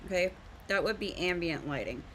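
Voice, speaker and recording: A woman's voice: lowish voice, lively intonation, normal speed, fairly bright tone, slight background noise. A woman hosting a live art stream, chatting casually while teaching drawing and often laughing at herself.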